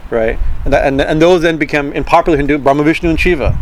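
A man giving an informal talk on Tantra philosophy. He speaks haltingly, repeats words and keeps asking "right?". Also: a little high, background noise. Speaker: spiritual teacher.

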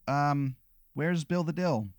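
A man's voice: on the high side, takes it slowly, no room sound, studio quality, voice pushed up. A man voicing an eerie bird-masked male corporate envoy who speaks with breezy, placating politeness.

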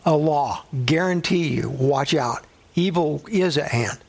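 A man's voice: fairly high pitch, a little slow, vocal fry, husky. A middle-aged male pastor teaching a sermon in a conversational way, telling personal stories and using a coffee cup as a prop.

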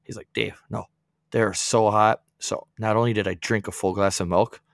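A man's voice: on the low side, steady tone, normal speed, creaky, dry recording, studio quality. A man co-hosting a podcast, telling a rambling story in casual chat, laughing often and acting out his friends' lines. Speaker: podcast co-host.

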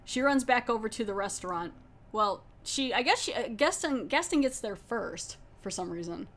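A woman hosting a podcast, chatting casually through an episode recap. Her voice sits a bit high, and she bounces between narration and playful impressions of the characters. She laughs often. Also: normal speed. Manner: animated, acts out characters' lines, laughs often. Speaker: podcast host.

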